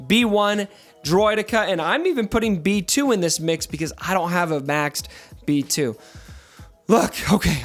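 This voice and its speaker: A man's voice: sits high, a bit bright. A man hosting a casual gaming commentary video, talking in a playfully dramatic, mock-mournful way. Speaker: gaming YouTuber host.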